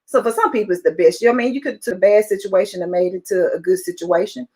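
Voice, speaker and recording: A woman speaking as a motivational speaker on a call, pitching with excited, upbeat urging that keeps repeating its point. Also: fast talker. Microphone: call audio.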